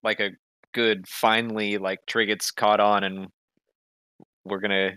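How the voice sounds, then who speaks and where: A young man chatting on a podcast, animated and giggly in his reactions. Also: lowish voice, measured pace, clean tone, no echo. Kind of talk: casual podcast chat.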